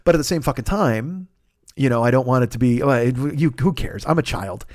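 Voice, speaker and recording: A man in his fifties hosting a casual solo podcast, rambling and swearing as he tells animated stories. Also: mid-range voice, fairly quick, no room sound, clean studio sound. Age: 50s. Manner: profane, rambling, animated storytelling. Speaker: podcast host.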